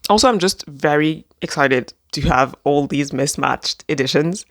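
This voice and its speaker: A book vlogger chatting casually and gushing excitedly about a secondhand book haul, rambling with lots of fillers. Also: mid-range voice, measured pace, dry recording. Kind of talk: reading a poem aloud.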